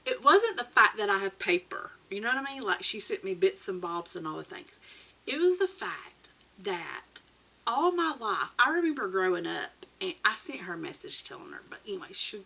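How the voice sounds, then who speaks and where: A woman's voice: medium pitch, big pitch swings, normal speed, gravelly, bright, forceful tone, breathy edge, highs cut off. A woman hosting a casual late-night live chat from her home craft room, chatty and rambling, laughing often and greeting viewers by name. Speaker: crafting channel host. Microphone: computer or tablet mic.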